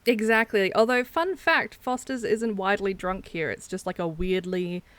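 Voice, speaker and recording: A woman's voice: mid-range voice, moderate pace, fairly bright tone. A woman from South Australia with a South Australian accent, chatting casually on a stream, laughing often and swearing freely.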